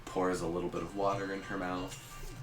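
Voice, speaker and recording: Man, game master, deep voice, unhurried narration, echoey room, guitar music behind. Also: flat delivery. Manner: unhurried descriptive narration with fillers. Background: ambient guitar music.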